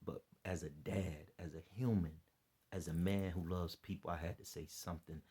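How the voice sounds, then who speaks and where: A man's voice: low voice, fairly even intonation, normal speed, dark tone, husky. A tired man speaking in a rambling, preachy vlog, repeating himself and appealing to his listeners. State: worn out and dead tired. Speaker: online preacher and commentator. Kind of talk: impassioned unscripted vlog commentary.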